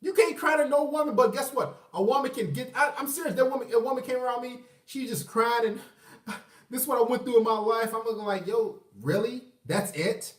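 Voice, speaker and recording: A man's voice: very high-pitched, a little fast. A man ranting in a profane, emphatic, combative livestream monologue. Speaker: vlogger. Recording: echoey room, far from mic.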